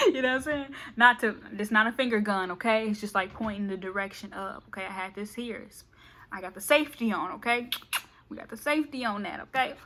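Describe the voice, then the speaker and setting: A woman's voice: mid-range voice, bright, forceful tone. Chatty woman giving a playful tarot reading. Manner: fast, chatty, playful, keeps saying okay. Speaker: tarot reader.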